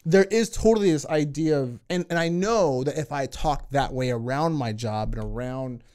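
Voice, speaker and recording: A young man in a relaxed podcast conversation, speaking at an ordinary pitch. He often stumbles over his words, restarts his sentences and stops to ask for clarification. When he tells a story, his words tend to break up with laughter. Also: moderate pace. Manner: laughs while telling stories. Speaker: podcast co-host. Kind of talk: casual discussion.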